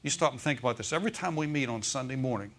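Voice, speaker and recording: A man's voice: medium pitch, animated, very fast, fairly bright tone. A male pastor preaching a Sunday sermon in a church, often calling out "Amen?" and "Okay?" to the congregation.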